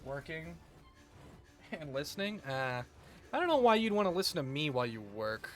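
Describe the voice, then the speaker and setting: A man's voice: fairly high pitch, sing-song, normal speed, faint music behind. A man streaming a game, chatting casually with crude jokes and rambling asides. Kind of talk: casual gameplay commentary.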